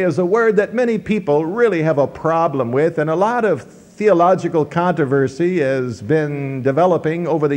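A high-voiced man preaches from the pulpit. He teaches through scripture verse by verse, his pitch sweeping up in emphasis and dropping low again. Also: darkish tone. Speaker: pastor. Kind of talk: sermon.

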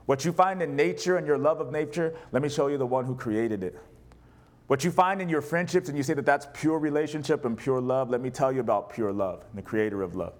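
A man's voice: mid-range voice, brisk. A male pastor preaching a sermon, reading scripture aloud and putting questions to his congregation.

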